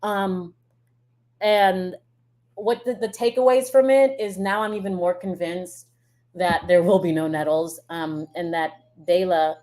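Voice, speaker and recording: A woman's voice: fairly low pitch, steady tone, measured pace, a little mellow. A woman giving a casual reaction commentary as a YouTuber, chatty and blunt, swearing freely and laughing often. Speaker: YouTuber reacting to a show trailer.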